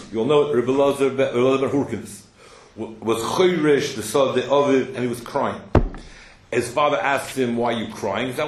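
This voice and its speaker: A man teaching a Torah class, telling stories with plenty of Hebrew and Yiddish terms and often asking "hello?" to prod his listeners. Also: medium pitch. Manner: animated storyteller, asks "hello?" to prod listeners. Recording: echoey room with faint noise.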